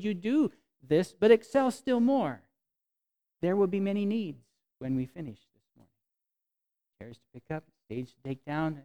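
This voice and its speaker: A man preaching a conversational sermon to his congregation, telling stories with frequent restarts and swinging from soft to emphatic. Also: fairly high pitch. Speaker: pastor. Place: congregation meeting in a temporary venue.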